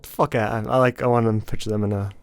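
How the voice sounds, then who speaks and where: A man's voice: on the low side, fairly even intonation, fast, dry recording. Laid-back young man, podcast co-host. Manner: laid-back and rambling, swears freely, lots of "like" and "um". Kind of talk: casual chat.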